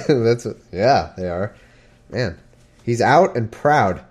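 A man's voice: medium pitch, lively intonation, slow pace, long pauses, husky. Wry man joking through a scripture reading. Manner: irreverent, wry, laughs at his own jokes. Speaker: scripture reader and commentator. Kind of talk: casual reading with joking commentary.

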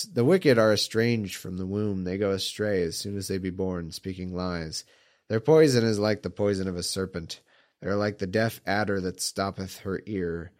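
A man with a somewhat low, slightly hoarse voice reads old scripture aloud, stopping now and then for mocking, incredulous asides.

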